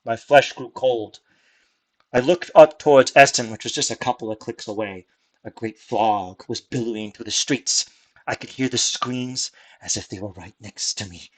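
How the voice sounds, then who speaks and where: A man's voice: mid-range voice, moderate pace, husky, lightly acted. A man voicing a tipsy male human veteran who tells a rambling, folksy tall tale in a tabletop game. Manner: folksy, rambling storyteller drawl. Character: drunk male human veteran telling war stories.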